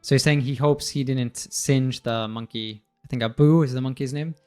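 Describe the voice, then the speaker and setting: A man explains pronunciation in a casual, friendly chat and laughs easily. His pitch sits in the middle range. Faint music plays underneath. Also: steady tone, moderate pace, darkish tone, clear, resonant tone. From United States. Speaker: English teacher.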